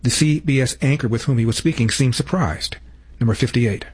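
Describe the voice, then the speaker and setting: A male host leading news commentary with emphatic delivery. His tone is husky and even-pitched. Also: fairly quick. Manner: emphatic, introduces numbered clips.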